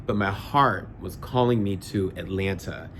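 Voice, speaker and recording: Slow-talking man in a late-night vlog. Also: low-pitched, a little hiss or hum. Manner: relaxed, rambling, reflective, with fillers. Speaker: vlogger. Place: indoors at night, by a window.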